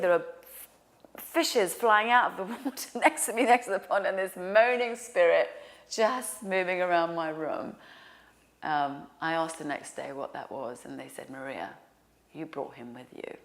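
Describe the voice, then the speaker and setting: A woman telling a personal story in an animated way, dropping to a hushed whisper for quoted lines. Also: lowish voice. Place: lives in New York.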